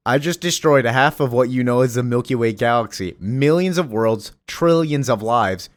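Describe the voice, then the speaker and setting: A man's voice: mid-range voice, normal speed, dry recording, lightly acted. A man casually voicing a boastful male cosmic tyrant, mixing grand threats with slang. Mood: menacing.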